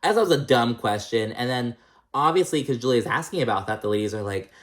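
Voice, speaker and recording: A man's voice: mid-range voice, lively intonation, a little fast, a bit bright. A man recapping reality TV in casual chat, blunt and sassy, swearing a lot and calling people "girl".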